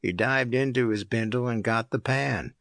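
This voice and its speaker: Gravelly, dry male audiobook narrator. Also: mid-range voice, dry recording. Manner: measured, even storytelling. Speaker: audiobook reader.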